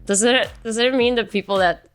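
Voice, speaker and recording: A woman's voice: on the high side, fairly quick, soft background music. A woman co-hosting a climbing news show, chatting and rambling casually in the studio.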